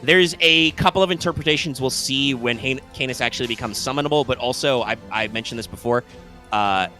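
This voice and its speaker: A man's voice: mid-range voice, fairly quick, bright, forceful tone, soft background music. A man co-hosting a casual gaming podcast, rambling with lots of fillers and restarts and casual swearing. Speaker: podcast co-host. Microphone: live stream microphone.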